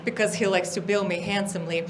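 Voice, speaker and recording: A woman's voice: medium pitch, fairly even intonation, fast, background noise. A woman from Estonia doing stand-up, teasing the audience playfully at a live comedy venue. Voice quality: playful crowd work, teasing.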